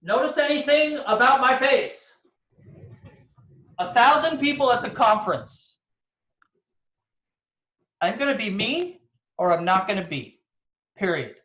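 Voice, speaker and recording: A man with a notably high voice pours energy into a motivational story, punctuating it with rhetorical questions. He is on a video call, and the room around him rings with echo. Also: animated, unhurried, pauses often, bright, forceful tone. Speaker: insurance agent guest speaker.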